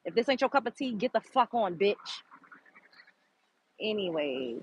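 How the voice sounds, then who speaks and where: A woman's voice: mid-range voice, big pitch swings, moderate pace, a little hiss or hum, poor audio. A woman from Brooklyn, hosting her own show and ranting bluntly and profanely at her chat. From Brooklyn, New York. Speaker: show host. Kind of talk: unscripted commentary to a live chat.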